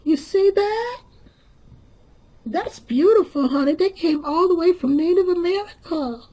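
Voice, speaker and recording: A man voicing a sassy, sharp-tongued churchgoing woman who drawls sarcastically and calls everyone honey, in a comedic character monologue. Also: very high-pitched, animated, unhurried. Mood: mock admiring.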